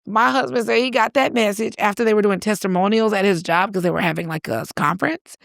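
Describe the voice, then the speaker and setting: A woman in her thirties co-hosting a casual chat, telling a lively story and acting out the voices. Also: medium pitch, quick pace, vocal fry, no echo, studio quality. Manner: animated storyteller, acts out voices and cries. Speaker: podcast co-host.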